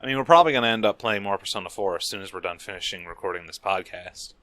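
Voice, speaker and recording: A man co-hosts a casual podcast, tossing in fun facts offhandedly. His voice sits low but has a bright, forward tone, recorded close and dry. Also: quick pace, no echo. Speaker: podcast co-host. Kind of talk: casual podcast chat about video games.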